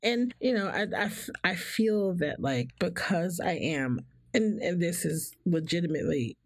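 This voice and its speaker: Husky gravelly woman chatting openly, laughs a lot, does little voices for people. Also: fairly low pitch, a little slow, no room sound. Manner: animated, laughs often, acts out others' voices. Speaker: guest. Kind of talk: candid personal conversation.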